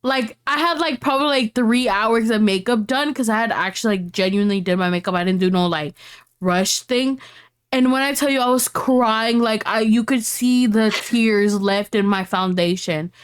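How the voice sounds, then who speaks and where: Young woman podcast co-host, brighter-pitched voice, animated gossipy storyteller. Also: normal speed, clear, resonant tone. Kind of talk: casual chat.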